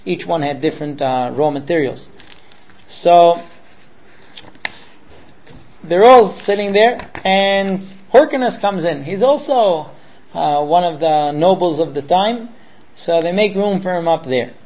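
A man's voice: sits high, expressive, unhurried, pauses often, darkish tone, dull audio. A man teaching students by retelling a story, acting out the characters with frequent fillers. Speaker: Torah teacher.

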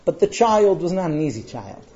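A lively storyteller giving a parenting talk, with pitch rising and falling all through. The voice is warm and mellow. The sound is muffled and lo-fi, as if from a modest recording of a live class. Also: normal speed. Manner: animated storyteller who acts out quotes. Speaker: parenting speaker.

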